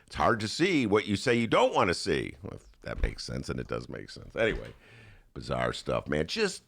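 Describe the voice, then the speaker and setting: Animated sarcastic male podcast host. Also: rumbling low, moderate pace, gravelly. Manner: animated, mocking, shifts into put-on voices. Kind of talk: sarcastic political commentary. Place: radio studio.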